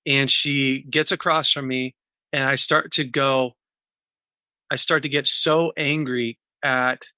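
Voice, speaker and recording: A recovery coach, appearing as a guest on a podcast, walks through a process in numbered steps, earnest and candid, and he grows emotional when describing his own pain. His voice is fairly high and a little slow, with a pushed, bright quality. The recording is dry.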